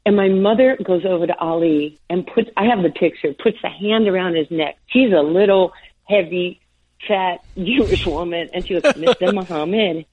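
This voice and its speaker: A woman in her sixties, a former basketball player from New York, tells stories in an interview. She laughs often and does the voices of the people she quotes. Her voice is husky and comes through like a thin phone line. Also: lowish voice, normal speed. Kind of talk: storytelling interview. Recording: tinny phone-line sound.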